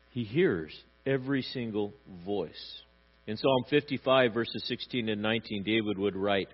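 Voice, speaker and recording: A man's voice: lowish voice, lively intonation, moderate pace, husky. A male pastor reading scripture aloud and preaching with passionate emphasis. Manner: impassioned, rising to emphatic cries. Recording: dull lo-fi with mains hum.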